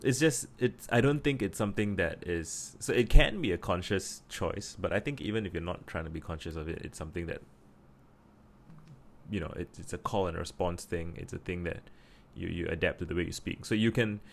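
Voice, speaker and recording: A man's voice: low-pitched, a little fast, creaky, slight background noise. A man from Singapore with a Singaporean English accent, talking casually to camera and thinking aloud with many restarts. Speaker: vlogger.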